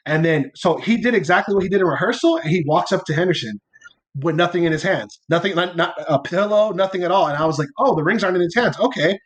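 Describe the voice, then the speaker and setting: Talking fast in a high-pitched voice, this young podcast co-host rambles through a story during casual chat. He's playful and relaxed, swears casually, and fills his speech with "like" and "or whatever."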